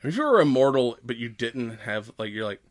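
A man's voice: mid-range voice, big pitch swings, a little fast. A man co-hosting a podcast, chatting casually, rambling, swearing often and laughing a lot as he retells scenes. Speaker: podcast co-host. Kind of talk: casual chat.

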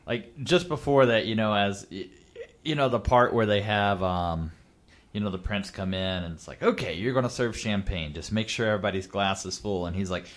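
A man's voice: lowish voice, normal speed. A man chatting casually about a movie, rambling with many fillers. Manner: rambling, full of "you know" fillers. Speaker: movie podcast co-host. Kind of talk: casual chat.

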